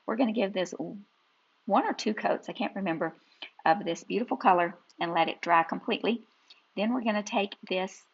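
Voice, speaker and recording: A woman's voice: mid-range voice, gravelly, a bit bright, husky, lo-fi sound. A woman hosting a crafting channel, talking casually and homily while she works through a DIY project. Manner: chatty, homey, talks while working. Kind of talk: casual craft tutorial voice-over.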